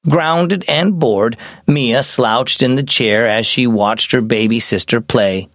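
Dry, animated male children's storyteller. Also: medium pitch, slow, no echo. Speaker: host of children's devotional show. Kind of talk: scripted narration for children.

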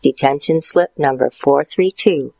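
A man narrating a storybook in a playful, expressive way, lifting his voice for the characters. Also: a little slow, gravelly, no echo, low-quality recording. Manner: playful, expressive, jumps higher for character quotes.

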